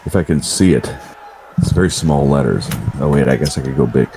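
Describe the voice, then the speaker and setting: A man's voice: a bass voice, fairly quick, mellow, husky. A man co-hosting a casual game commentary, speaking hesitantly with many fillers. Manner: hesitant, fumbling, filler-heavy. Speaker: co-host.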